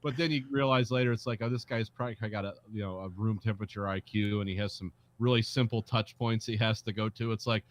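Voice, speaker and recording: A man co-hosting a podcast, casually discussing a movie with dry, wry commentary and quick character impressions. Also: lowish voice, steady tone. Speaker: podcast co-host.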